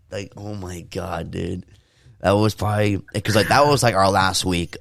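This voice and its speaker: A young man in casual podcast chat, telling animated stories and shouting the quoted lines in high voices. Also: moderate pace, gravelly, dry recording. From California. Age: young adult. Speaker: podcast co-host.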